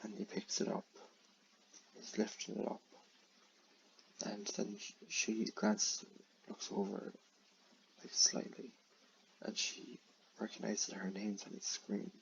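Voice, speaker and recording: A man's voice: lowish voice, very animated, slow pace, creaky, long pauses, slight background noise. A man casually retelling a plot in a rambling way, full of fillers and restarts. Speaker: creator retelling his own film idea. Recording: dull lo-fi recording.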